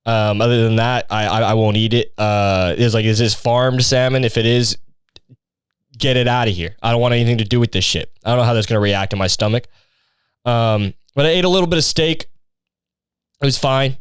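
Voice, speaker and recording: A young man rambles through a sarcastic, profane comedy monologue as a podcast host. His voice is smooth and clean. It is recorded close and dry. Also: mid-range voice, a little fast, no room sound.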